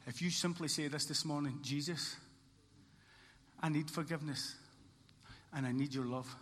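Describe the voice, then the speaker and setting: A man's voice: a little high, fairly even intonation, normal speed, fairly bright tone, slight background noise. A man preaching a sermon as pastor, earnest, with a repeating emphatic cadence. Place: church hall. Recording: church hall reverb, faint ambience.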